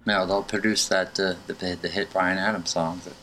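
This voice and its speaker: A man's voice: deep voice, fairly even intonation, moderate pace, sharp tone, slight background noise. A man co-hosting a casual movie chat, rambling and laughing often. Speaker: podcast co-host.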